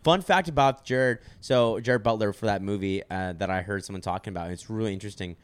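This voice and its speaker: Profane, animated young man telling stories. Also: lowish voice, fast talker, smooth, no echo. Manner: animated storyteller, profane, acts out quotes. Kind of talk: casual chat.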